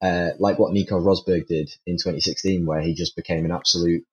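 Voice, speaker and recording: A man with a very deep voice talks through his view on a casual panel. He circles and restarts his sentences and laughs a little at his own bluntness. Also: level tone, fairly quick, low-quality recording. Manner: rambling, many restarts, self-deprecating laughs.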